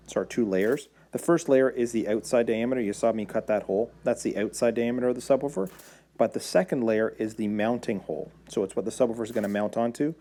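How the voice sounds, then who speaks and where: Relaxed man narrating a workshop build. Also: fairly low pitch. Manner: relaxed, explanatory, with frequent fillers and self-corrections. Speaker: woodworking video maker. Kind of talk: casual how-to voice-over.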